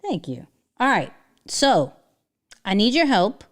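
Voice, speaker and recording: A woman's voice: mid-range voice, very animated, takes it slowly. A woman hosting a livestream, talking in a chatty, slangy way. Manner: slangy, chatty, with fillers and restarts. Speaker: livestream host. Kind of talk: casual livestream talk.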